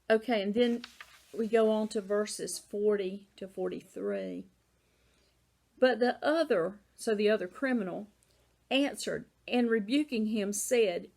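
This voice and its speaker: A woman's voice: mid-range voice, expressive, unhurried, darkish tone. A woman with a Southern American accent teaching a Bible lesson in a casual, conversational way, often saying "you know".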